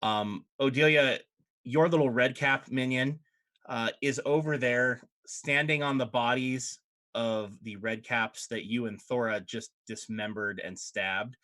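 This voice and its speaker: A man runs a tabletop game as dungeon master and narrates in an animated way. His voice is bright and clear, at a middle pitch. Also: a little slow. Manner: animated, laughs through narration.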